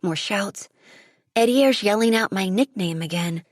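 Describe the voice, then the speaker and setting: A woman's voice: medium pitch, moderate pace, dry recording, studio quality. A woman narrating a first-person audiobook, telling the story in a vivid, dramatic way.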